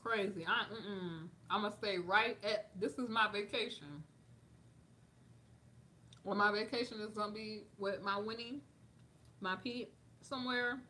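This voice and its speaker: Sassy, bright-voiced woman. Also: mid-range voice, unhurried, long pauses, slight background noise. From United States. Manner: sassy, animated, reads an article and comments on it. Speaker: vlogger reacting to news. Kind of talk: casual commentary reading news aloud.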